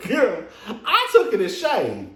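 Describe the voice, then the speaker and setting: A man's voice: very high-pitched, wildly swooping pitch, takes it slowly, fairly bright tone. A man giving casual commentary as a reality TV reviewer, sassy and profane, laughing often. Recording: echoey room.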